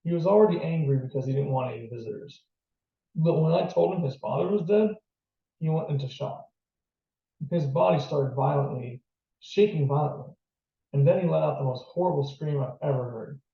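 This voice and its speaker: Man reading as a sharp, skeptical middle-aged nurse, storybook reading, gravelly, pitched up, distant roomy lo-fi sound. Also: normal speed. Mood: recounting. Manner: sharp and incredulous.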